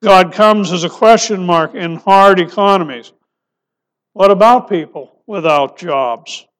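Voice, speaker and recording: A male pastor preaching a sermon, asking rhetorical questions and dropping his voice soft for emphasis. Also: sits high, unhurried.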